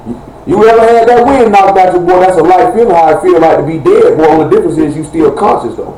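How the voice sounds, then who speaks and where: Slangy preacher in an echoey room. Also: male voice, sits high, fast talker, mellow. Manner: loose, joking street talk, Southern American. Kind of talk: informal live-streamed sermon. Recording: echoey room with faint ambient noise.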